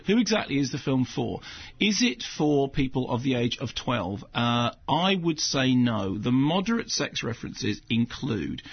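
A husky male film critic on the radio, delivering wry, cutting verdicts at an ordinary pitch. The sound is a touch dull and muffled, like a radio broadcast.

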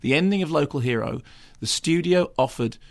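Gravelly, fast-talking male radio co-host. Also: a little high. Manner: animated, quick anecdotes with put-on voices. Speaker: film critic co-host. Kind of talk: casual radio chat. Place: radio studio.

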